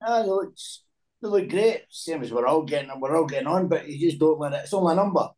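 A man's voice: fairly high pitch, lively intonation, fast, a little mellow, poor audio. A Scottish man in his sixties, a former footballer telling anecdotes in a casual chat, laughing often and repeating words. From Scotland.

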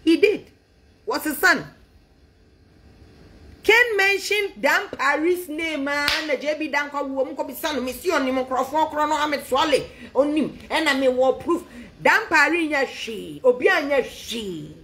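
A woman with a fairly high voice that swoops up and down with lively animation. She rants about politics in a mocking, taunting tone, slipping between English and another language and breaking into laughter. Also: a little slow, a little hiss or hum. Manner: taunting, sing-song mockery with laughs; mixes English with a local language. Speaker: political commentator.

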